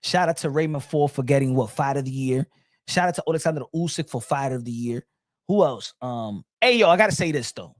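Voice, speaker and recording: A man's voice: mid-range voice, lively intonation, a little fast, dry recording, studio quality. A man hosting a boxing channel, chatting casually and rambling, often repeating his points.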